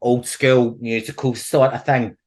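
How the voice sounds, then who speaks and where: Scottish man, middle-aged, casual chat, lively storyteller, laughs a lot. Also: medium pitch, a little slow. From Scotland. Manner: animated storyteller, laughs often. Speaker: podcast guest.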